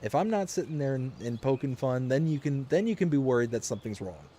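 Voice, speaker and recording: A man chats to his live-stream audience from a home office while he plays a farming game. His voice sits at an ordinary middle pitch. He rambles in a jokey way and chuckles often, the easy talk of a regular host. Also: very animated, fast talker, mellow, slightly rough. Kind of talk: casual chat while gaming.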